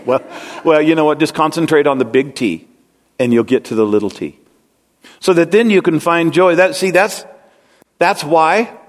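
A man preaching a conversational, rambling sermon to his congregation, often asking them questions. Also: medium pitch. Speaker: pastor. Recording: long hall reverb.

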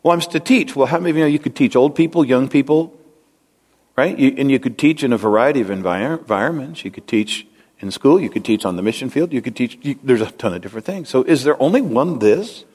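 A man's voice: medium pitch, animated, fast, darkish tone, slightly rough. A man preaching a conversational, rambling sermon to his congregation, often asking them questions. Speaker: pastor. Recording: long hall reverb.

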